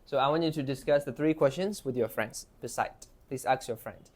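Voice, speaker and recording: A man's voice: mid-range voice, a little fast, darkish tone, slight background noise. A man teaching an English class, asking students questions and modeling phrases for them to repeat. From Myanmar. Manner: encouraging, asks questions, models phrases for repetition.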